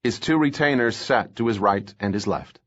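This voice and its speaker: A man narrating a thriller audiobook in a steady, measured reading voice. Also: mid-range voice, highs cut off.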